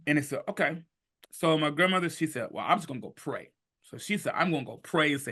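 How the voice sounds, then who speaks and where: A man in his fifties with a bright, slightly high voice tells his story as a podcast guest. He talks in an animated, emphatic way that swings between low, hushed stretches and loud bursts. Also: fast, slightly rough. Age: 50s. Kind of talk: storytelling in conversation.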